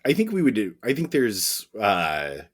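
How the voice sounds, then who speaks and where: A man's voice: on the low side, wildly swooping pitch, a little slow, breathy edge. A man co-hosting a podcast in casual chat, thinking aloud with fillers and chuckles. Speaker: podcast co-host.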